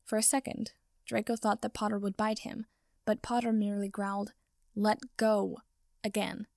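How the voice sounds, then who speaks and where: A woman reading fan fiction aloud in steady, even narration. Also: medium pitch, fairly quick, vocal fry, no room sound, studio quality. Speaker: reader.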